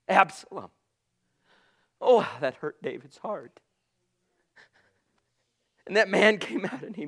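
Man, high voice, preacher, passionate sermon, loud and hushed by turns. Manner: passionate, swings between loud calls and hushed asides.

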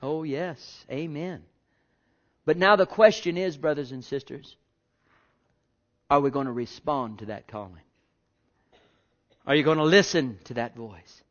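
Slow, emphatic man preaching a sermon. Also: fairly high pitch. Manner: slow, emphatic preaching with repeated phrases and shifting loudness. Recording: dull lo-fi sound.

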